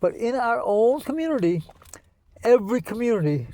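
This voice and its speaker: A man from the United States adding his view in an earnest, measured way during a casual conversation. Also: extremely high pitch, very animated, warm tone.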